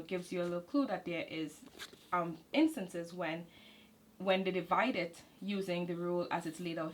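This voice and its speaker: A woman's voice: lowish voice, rough recording. Lady walking thru a reading lesson, chatty and loose, a bit of hiss behind. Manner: casual, explanatory, with fillers and self-corrections. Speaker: homeschool channel host. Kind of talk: walking through a curriculum manual.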